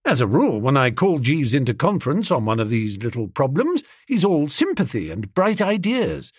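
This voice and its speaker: A man narrating a comic story in first person, lively and wry. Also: mid-range voice, normal speed, husky, no echo, clean studio sound. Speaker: audiobook narrator.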